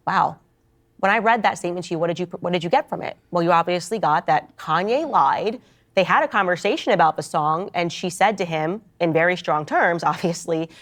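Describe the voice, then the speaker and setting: A woman's voice: lowish voice, a little fast. A woman giving opinionated commentary in an assertive, lecturing way as she walks through a story. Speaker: political commentator.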